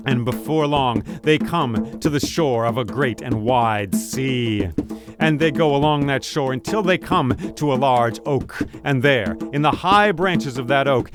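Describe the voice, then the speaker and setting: A man telling a folktale aloud as a storyteller, vivid, rhythmic and dramatic. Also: medium pitch. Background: drum music.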